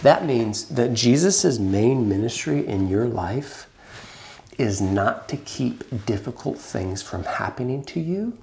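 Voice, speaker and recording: A male pastor preaching a sermon, moving between quiet, drawn-out phrases and raised, urgent emphasis. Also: medium pitch, lively intonation, gravelly, slight background noise.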